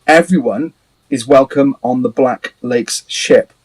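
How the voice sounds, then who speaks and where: A man's voice: medium pitch, takes it slowly, darkish tone, low-quality recording. A man from a band, chatting casually on a livestream, rambling, laughing often and swearing a little. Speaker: band member hosting a livestream. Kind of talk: casual chat.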